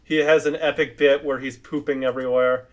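A man's voice: mid-range voice, flat delivery, brisk, a crowd in the background. A man on a podcast, recapping a film in a loose, rambling way with many restarts and laughs. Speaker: podcast host. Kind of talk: casual movie recap chat.

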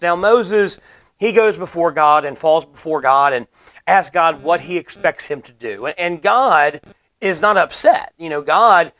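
Man, preacher, sermon, earnest, emphatic repetition, slightly high voice. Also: unhurried, a bit bright.

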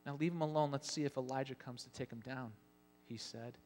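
A man preaching a sermon as pastor, telling Bible scenes with lively acted-out lines. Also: medium pitch, a little fast, a little hiss or hum. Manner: animated storytelling, acting out Bible scenes. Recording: long hall reverb.

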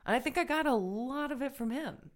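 A woman's voice: sits high, brisk. A woman in a casual podcast chat, telling stories with animation and acting out her dad's lines. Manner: animated storytelling, acts out her dad. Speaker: podcast co-host.

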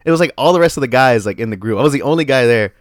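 Animated, profane man telling a story. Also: mid-range voice, racing, no room sound, clean studio sound. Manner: animated, profane, laughing often. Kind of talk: casual storytelling chat.

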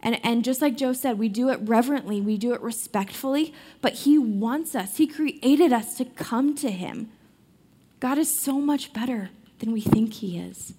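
A woman's voice: fairly high pitch, normal speed, mellow, husky. A young adult woman giving a casual devotional talk on a Bible story, chatty, with many fillers and restarts. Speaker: Bible study speaker.

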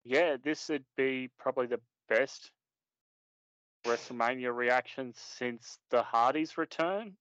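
Unhurried man, dry dull recording. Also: mid-range voice, a bit bright, no echo. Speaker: podcast co-host. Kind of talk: casual chat.

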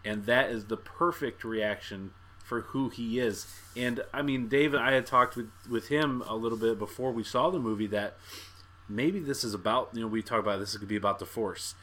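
A man co-hosting a podcast in a casual movie discussion, animated and acting out his own reactions. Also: medium pitch, normal speed. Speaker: podcast co-host.

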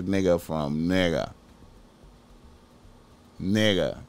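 Slow, low-voiced man preaching casually. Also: smooth. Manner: slangy, profane, preachy, repeats himself. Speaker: podcast host. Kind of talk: casual podcast monologue.

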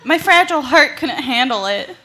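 A woman's voice: sits high, animated, moderate pace, background noise. A woman playing a scheming young maid, breezy and giggly, in a comedy audio skit.

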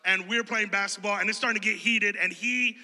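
A man from Chicago with a high-sitting voice preaches a sermon in a church hall at a quick pace, animated and conversational as he jokes and tells stories to his congregation.

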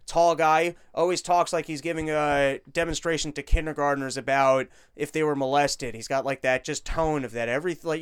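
Man, high voice, smooth clear tone, profane, sarcastic, casual rant. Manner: profane, sarcastic, fast-talking. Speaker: podcast host.

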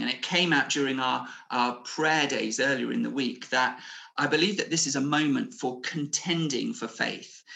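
Earnest gravelly male preacher. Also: medium pitch, pushed and bright. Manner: earnest, rising to emphatic declarations; conversational with frequent fillers and restarts. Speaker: pastor. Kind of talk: sermon. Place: home, preaching over video call.

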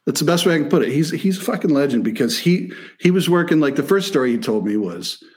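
Man, from Michigan, casual storytelling, profane, animated, quotes people in their voices. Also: fairly high pitch, fast talker. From Michigan, near Detroit.

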